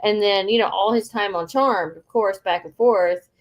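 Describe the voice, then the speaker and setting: A woman co-hosting a casual chat, blunt, teasing and expressive. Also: mid-range voice, moderate pace, lo-fi sound. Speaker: co-host.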